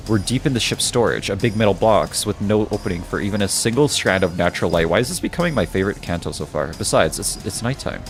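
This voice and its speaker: Hushed man reading game story aloud. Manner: reads narration in a hushed, low-key voice with musing asides. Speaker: streamer.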